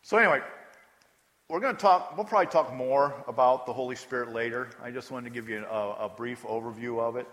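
Conversational pastor preaching in a hall. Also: male voice, mid-range voice, fairly quick, a bit bright. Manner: conversational, emphatic, asks the congregation questions. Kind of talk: sermon.

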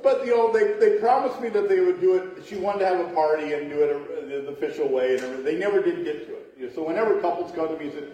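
Middle-aged male pastor, high-pitched, chatty storytelling preacher, recorded from far off in a booming church hall. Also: fast talker, hardly any pauses, mellow, lo-fi sound. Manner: chatty, laughing asides, acts out voices in stories. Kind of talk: storytelling sermon. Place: church sanctuary.

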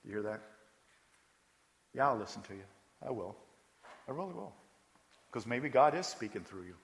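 A man delivers a sermon as pastor at a mid pitch, shifting between quiet, reflective asides and emphatic points. He talks casually and often asks the congregation questions. His voice carries a long reverb from a large hall. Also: big pitch swings, moderate pace, gravelly.

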